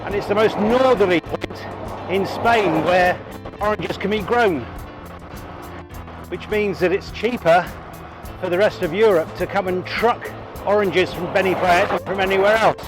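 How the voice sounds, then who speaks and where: A chatty, enthusiastic man with a fairly high voice narrates as he cycles along roads and through tunnels. He talks to an action camera on his bike, and music plays clearly underneath. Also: a little slow. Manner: chatty, enthusiastic, thinking aloud with fillers. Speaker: cycling vlogger. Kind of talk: casual narration while riding.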